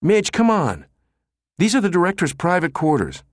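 A man voicing a nervous, flustered male aide who stammers and sounds high-strung. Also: sing-song, moderate pace, dry recording, studio quality, close to an everyday voice. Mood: anxious.

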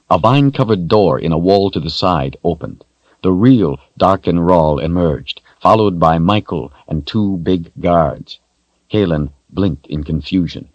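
Deep-voiced man narrating a fantasy story. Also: no echo, highs cut off. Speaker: audiobook narrator.

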